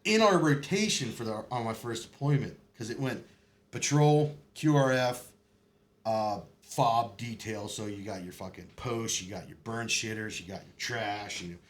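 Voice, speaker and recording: A man's voice: fairly low pitch, normal speed. A man telling his old service stories in a casual podcast chat, cursing freely and laughing through his tales. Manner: animated, profane, laughs often while telling stories.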